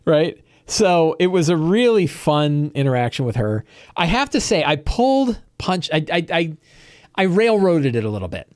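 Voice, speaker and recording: Animated man recapping a game session. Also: fairly high pitch, normal speed, dry recording, studio quality. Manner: rambling, animated storytelling with quoted character lines. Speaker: game master.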